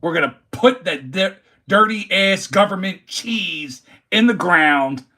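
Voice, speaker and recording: A man's voice: high-pitched, animated, slow, pushed and bright. A man, hosting a casual livestream, talking trash as a rowdy sports fan. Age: 40s. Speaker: livestream host.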